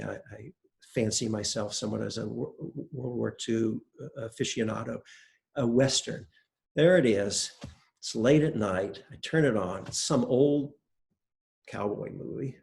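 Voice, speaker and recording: An older man giving a relaxed, conversational dharma talk as a meditation teacher, telling stories with small hesitations. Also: fairly low pitch, vocal fry. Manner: relaxed, conversational, self-deprecating storytelling with hesitations.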